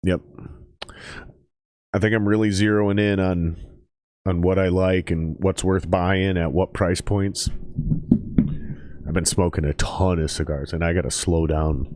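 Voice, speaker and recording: A man chatting casually on a live stream while watching football, loose and profane, jumping into excited play-by-play. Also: low voice, unhurried, long pauses, no echo, clean studio sound. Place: table at home.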